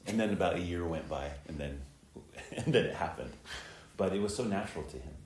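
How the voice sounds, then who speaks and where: Very deep-voiced man, reflective dharma talk. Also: lively intonation, a little mellow, slight background noise. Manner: reflective, unhurried, many filler words. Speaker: Zen teacher and preceptor. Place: temple hall. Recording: echoey temple hall, faint ambience.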